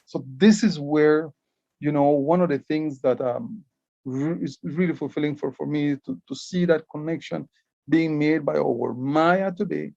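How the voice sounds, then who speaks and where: A man's voice: fairly high pitch, a little slow, gravelly, a little mellow, no echo, dull audio. A man from Belize, giving an explanatory conference talk as a Maya writing educator, often repeating words as he starts a phrase. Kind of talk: conference presentation.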